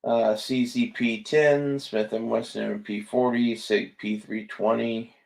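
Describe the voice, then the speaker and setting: A man's voice: medium pitch, little pitch movement, a little slow, vocal fry. A man giving casual, rambling commentary on gun listings, laid-back and sleepy, swearing often and trailing off with fillers. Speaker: gun vlogger browsing listings.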